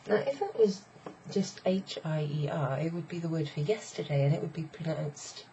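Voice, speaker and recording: A middle-aged woman with a low, gravelly, mellow voice gives a casual online French lesson. She is chatty and explains step by step, repeating phrases slowly. The sound is slightly dull and lo-fi, with a faint hiss behind her. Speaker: French teacher.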